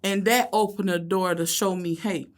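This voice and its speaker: A middle-aged woman with a Southern accent, a school bus driver telling animated stories in a conversational interview. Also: normal speed. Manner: animated storyteller, acts out kids and herself in loud high voices.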